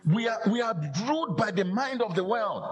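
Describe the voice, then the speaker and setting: A man preaching a lively sermon, acting out quoted voices and laughing often. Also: sits high, a little fast, faint music behind.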